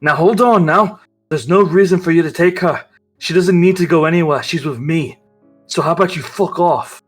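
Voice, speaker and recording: A man voicing a scheming male prisoner who speaks low and affectionately to his lover. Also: steady tone, normal speed, a bit bright, faint music behind, close to an everyday voice. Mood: angry. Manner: low and affectionate, angry when crossed.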